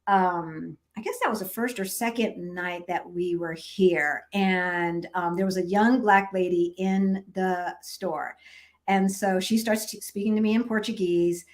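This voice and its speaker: A woman's voice: lowish voice, measured pace. Middle-aged woman on a live stream, chatty, laughs a lot, reads out comments. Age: 50s. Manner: lively, laughs often, greets viewers. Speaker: vlogger reading live chat. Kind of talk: casual live-stream chat.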